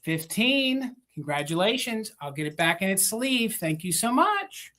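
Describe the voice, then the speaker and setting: A woman co-hosting a live vintage sale, pitching items in a chatty way with filler words and counting down bids. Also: very animated, measured pace, fairly bright tone. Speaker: live sale co-host and seller.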